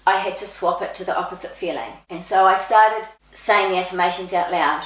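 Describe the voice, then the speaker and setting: A woman, telling personal stories in a casual vlog, chatty and expressive, acting out what people said. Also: on the low side, brisk, few pauses. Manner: chatty and expressive, acts out quoted speech. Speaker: vlogger. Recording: echoey room.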